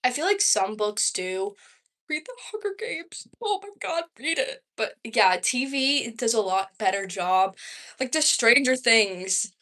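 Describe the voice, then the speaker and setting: A woman's voice: high-pitched, sharp tone. Chatty young woman on a livestream. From Georgia, United States. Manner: rambling and chatty, heavy use of "like". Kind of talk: casual livestream chat answering viewer questions. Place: her home.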